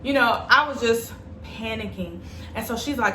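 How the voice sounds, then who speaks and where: A woman's voice: fairly high pitch, normal speed, bright, forceful tone, echoey room, slight background noise. A young adult woman telling a personal story to her viewers in a chatty, dramatic way. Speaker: vlogger. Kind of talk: storytime vlog.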